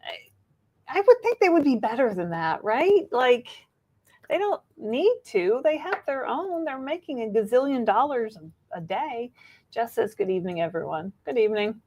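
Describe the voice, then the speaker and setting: Woman, fairly high voice, lively, teasing livestream chat. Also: unhurried, lo-fi sound. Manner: animated, laughs easily, teasing. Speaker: co-host.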